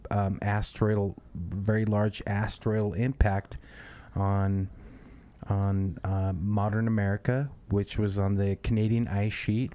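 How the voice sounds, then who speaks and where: A man's voice: lowish voice, warm tone. A man co-hosting a podcast in casual, profane, rambling chat, often trailing off and restarting. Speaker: podcast co-host.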